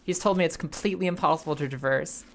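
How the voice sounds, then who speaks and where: Animated, profane woman streamer. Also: low-pitched, quick pace, creaky, a little hiss or hum. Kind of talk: casual live game stream chat.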